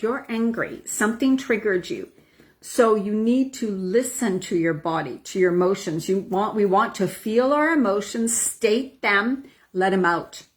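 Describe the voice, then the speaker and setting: Middle-aged woman coaching earnestly. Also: medium pitch. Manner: earnest, talks straight to the viewer with frequent "right?" and "okay?". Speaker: wellness coach. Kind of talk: instructional talk with demonstration.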